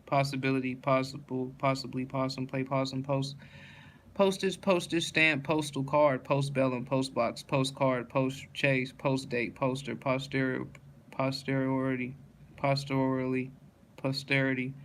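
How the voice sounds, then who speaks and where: Man reading a word list in a flat monotone. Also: medium pitch, unhurried, a little hiss or hum. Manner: flat, monotone listing with self-corrections.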